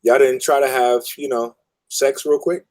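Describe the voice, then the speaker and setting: A man's voice: mid-range voice, fairly even intonation, normal speed, darkish tone, no room sound. A man, hosting a casual talk show and chiming in with playful remarks. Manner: playful interjections, laughing.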